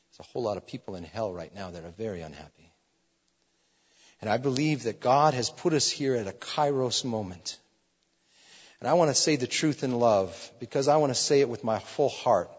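A man's voice: mid-range voice, expressive, moderate pace, husky. Fervent preacher man in a reverberant hall. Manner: swings from loud exhortation to hushed, earnest pleading. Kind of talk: sermon. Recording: dull, slightly lo-fi sound with long reverb.

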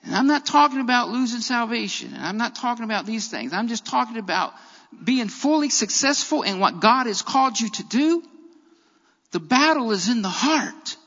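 A man with a strikingly high voice preaches a sermon, driving his points home by repeating key phrases. His words ring out with a long reverb, as if filling a church. The sound is dull and lo-fi. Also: lively intonation, moderate pace, fairly bright tone.

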